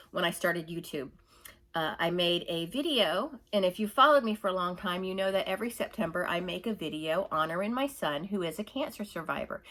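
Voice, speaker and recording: A woman's voice: mid-range voice, pushed and bright. Middle-aged lady vlogger going off on a rant, fired up, repeats herself a lot. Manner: indignant, emphatic ranting with repeated phrases. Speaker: YouTuber. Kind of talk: opinion vlog rant.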